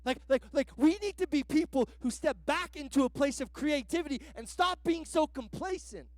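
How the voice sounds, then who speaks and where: Man preaching a sermon, very high voice, casual and slangy, dry close sound. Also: animated, moderate pace, no echo. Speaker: guest pastor.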